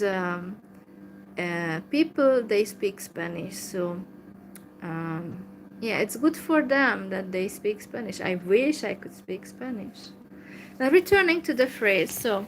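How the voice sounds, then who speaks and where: Slow, hesitant woman teaching phrases. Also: mid-range voice, slight background noise, low-quality recording. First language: Hungarian. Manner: hesitant, many fillers, repeats phrases slowly. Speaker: language teacher. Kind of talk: casual language lesson.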